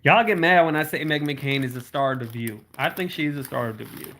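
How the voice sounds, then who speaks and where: Bright-voiced man chatting on a livestream. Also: medium pitch. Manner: chatty, reads out viewer comments and answers them; slows down to spell out links. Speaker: livestream host. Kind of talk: casual livestream chat with viewers.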